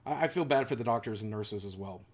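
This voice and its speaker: A man's voice: lowish voice, expressive, fast. Man, earnest storytelling vlog. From United States. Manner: earnest, confessional, with wry asides. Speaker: YouTuber telling a personal story.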